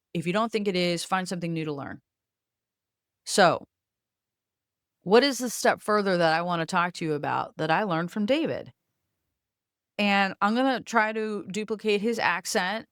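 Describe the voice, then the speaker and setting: A woman's voice: mid-range voice, a bit bright, no room sound, clean studio sound. A woman with a light coastal Virginia accent, talking as a host in an emphatic, preachy, frank way and swearing casually as she coaches on leadership. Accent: light coastal Virginia Southern. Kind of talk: motivational talk to camera.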